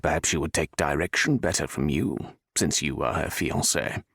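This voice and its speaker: A man's voice: extremely low pitch, moderate pace, vocal fry, a bit bright, slightly rough, no echo, clean studio sound, heavily acted. A man voicing a scheming older viscount who huffs with cold contempt. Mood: coaxing. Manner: huffing, contemptuous.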